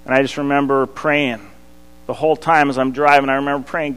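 A pastor, preaching a sermon that swings from loud to hushed. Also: male voice, mid-range voice, flat delivery, brisk, clear, resonant tone. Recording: long hall reverb.

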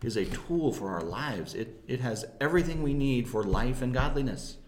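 A man co-hosting a casual Christian discussion, speaking in a measured, gently instructive way. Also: medium pitch, lively intonation. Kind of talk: casual chat about scripture. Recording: roomy echo.

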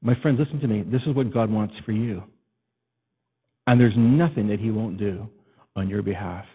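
A husky, somewhat breathy middle-aged man delivering a sermon. He tells personal stories with self-deprecating laughs and moves from loud emphasis to hushed, tender lines. The recording sounds dull and a little lo-fi. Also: fairly low pitch, moderate pace. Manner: warm storytelling with self-deprecating laughs, swings from loud to soft. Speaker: pastor.

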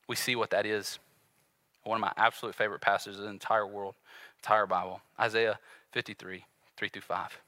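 A man preaching a sermon, telling the story with dramatic swings between loud outbursts and hushed passages, acting out the voices in it. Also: lowish voice, no room sound.

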